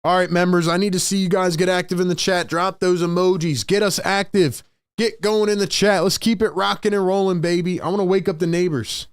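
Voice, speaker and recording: Excitable man on a live sports stream. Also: high voice, fairly quick, clear, resonant tone, no echo, studio quality. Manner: emotional, swings between hyped shouting and frustrated muttering; repeats lines for emphasis. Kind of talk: live play-by-play reaction stream.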